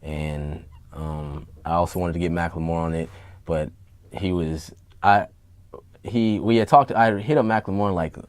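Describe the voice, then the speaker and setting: A man being interviewed about his music, talking candidly and rambling, profane and quick to get worked up. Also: deep voice, clear, resonant tone, no room sound, studio quality. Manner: rambling, profane, gets heated and animated. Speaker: rapper and producer being interviewed. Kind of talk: candid casual interview talk. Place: home studio basement.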